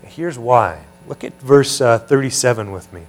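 A man's voice: medium pitch, animated, moderate pace. Male preacher, teaching sermon, conversational, questions to the room, mains hum under the voice.

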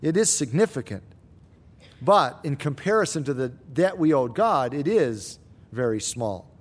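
A man answering Bible questions as a pastor, explaining scripture in a measured, teaching way. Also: mid-range voice, animated.

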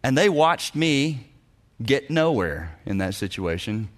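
A man, a senior pastor, giving a teaching talk to church leaders and telling stories with lively acted-out dialogue. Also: mid-range voice, slow pace. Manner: animated storyteller, acts out dialogue, chuckles often.

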